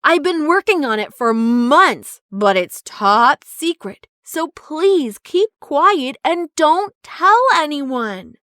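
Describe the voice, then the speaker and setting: A woman voicing a cheerful young boy inventor in a children's story, talking in a bright, eager, pleading way. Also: high-pitched, sing-song, takes it slowly, hardly any pauses, no room sound, clean studio sound, pitched above the performer's own voice, full character voice. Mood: explaining.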